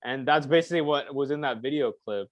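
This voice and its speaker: A man in a casual discussion, retelling a video clip and acting out the quotes in a raised, animated voice. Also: mid-range voice, fast talker, dry recording. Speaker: discussion participant. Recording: dry, dull lo-fi sound.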